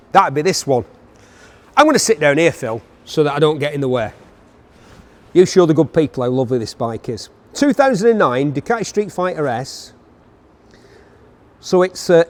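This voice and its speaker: Bloke hyping up bikes for an auction, voice sits a bit high and jumps all over, jokey. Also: male voice. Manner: enthusiastic, jokey asides to the cameraman. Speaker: motorcycle auction presenter. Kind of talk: walkaround auction preview.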